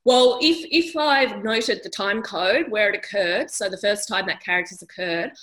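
A woman who produces audiobooks, explaining her studio's work in a panel discussion and pausing often on "um". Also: mid-range voice, fairly bright tone, poor audio. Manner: friendly, explanatory, many ums.

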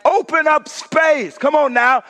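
High-voiced preaching pastor in a reverberant hall. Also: male voice, fairly even intonation, a little slow. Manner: call-and-response preaching, drops to a hush for emphasis. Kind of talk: sermon. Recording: long reverb in a church hall.

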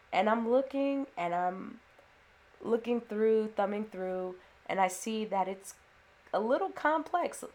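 A woman's voice: mid-range voice, expressive, slow pace, darkish tone. A woman, a mother and former teacher, telling a personal story in an earnest, reflective way. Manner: earnest, reflective, with restarts and fillers.

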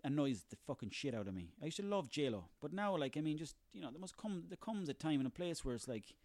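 A man's voice: on the high side, very animated, fast, darkish tone. An Irish man in his thirties delivering a sarcastic, profanity-laden comic rant on his own. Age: 30s. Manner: profane, sarcastic, ranting, rambling.

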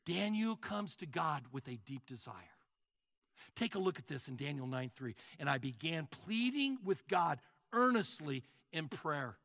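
Older male pastor, energetic sermon delivery, bright tone, dry close recording. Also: on the high side, unhurried, no room sound. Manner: animated preaching, acts out mock prayers.

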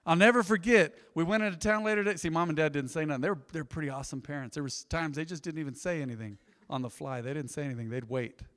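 A male pastor tells stories from the pulpit in a folksy, talkative way. His voice sits a bit high and swings between hushed asides and loud outbursts. A long reverb from the church hall trails every phrase. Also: fairly even intonation, fast. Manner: folksy storytelling with sudden loud bursts and soft asides. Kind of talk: sermon. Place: church sanctuary.

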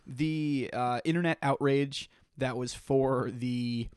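A man's voice: mid-range voice, steady tone, slow pace, darkish tone, clean tone, dry recording, studio quality. A man co-hosting a podcast in casual chat, telling a story with animation and frequent laughter. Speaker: podcast co-host.

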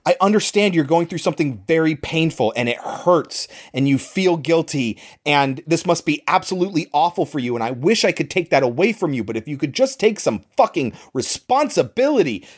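Husky and fairly high-pitched, this man talks briskly with few pauses. He's a podcast co-host running through a movie in a relaxed, animated retelling, swearing and acting out what the characters say.

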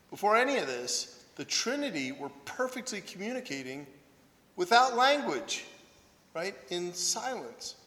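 A high-pitched, fairly bright-toned man, a priest and monk, gives a conversational sermon built on humorous stories about himself, often checking in with "right?". A long reverb tail trails his words.

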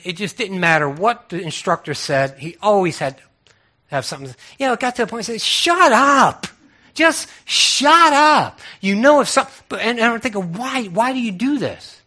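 Man, preacher, casual sermon, rhetorical questions, stammering restarts, fairly high voice, bright edge.

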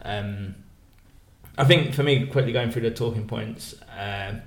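A man co-hosting a football podcast, calmly breaking down a match in a casual, measured way. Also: on the low side, soft background music. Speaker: podcast co-host. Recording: echoey room.

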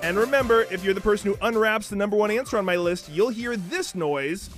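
Man, high voice, radio game host, jokey quizmaster, music bed underneath. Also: fairly quick. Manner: playful, joking quizmaster. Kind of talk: hosting a studio trivia game. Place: radio studio. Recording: clear music playing underneath.

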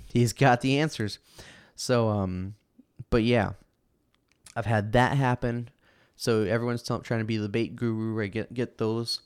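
A man's voice: mid-range voice, clean tone, no room sound, studio quality. A young man hosting a podcast alone, telling rambling, self-amused stories full of fillers and restarts. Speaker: podcast host. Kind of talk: casual solo storytelling.

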